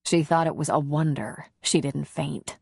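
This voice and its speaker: A woman narrating a romance audiobook in a slow, measured, intimate reading. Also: low voice, gravelly, darkish tone, husky, dry recording, clean studio sound.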